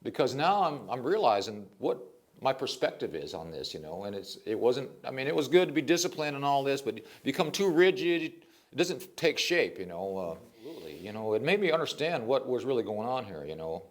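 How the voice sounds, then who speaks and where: An older man, a poet, telling stories in a casual interview, animated and rambling, with frequent restarts. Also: medium pitch, fairly quick.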